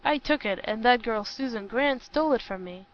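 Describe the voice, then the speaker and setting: A jealous, scheming young woman from a storybook, spiteful and quick to flare into shrill fury, as a woman narrator reads her. The voice sits fairly high. The sound is dull and lo-fi. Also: lively intonation, close to an everyday voice. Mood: cold.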